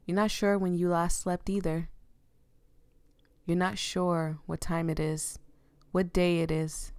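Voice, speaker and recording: A woman's voice: lowish voice, little pitch movement, slow, pauses often, a little mellow, no echo. A woman hosting her channel, reading a visual novel aloud and stopping to react with feeling between the lines. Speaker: channel host reading interactive stories.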